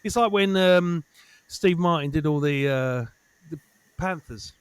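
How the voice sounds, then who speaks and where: A fairly high-pitched man from Essex chatting as a comedian guest, animated and sweary and hammering his points with repetition. His voice sits close and dry on the mic. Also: a little slow, clear, resonant tone, no echo. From Essex, England. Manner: animated, sweary, repeats himself for emphasis. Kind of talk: casual chat.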